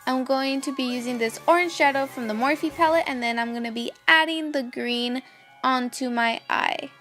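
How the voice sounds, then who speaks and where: A woman's voice: high voice, moderate pace, soft background music. A young woman giving step-by-step voice-over narration for a makeup tutorial. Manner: steady step-by-step instructions. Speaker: makeup vlogger.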